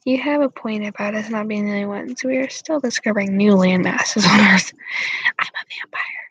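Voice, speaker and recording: A woman's voice: mid-range voice, brisk, breathy edge, no room sound, dull audio. Giggly young woman chatting casually. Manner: giggly, lots of "like" fillers. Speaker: channel host chatting with viewers. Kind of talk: casual rambling chat.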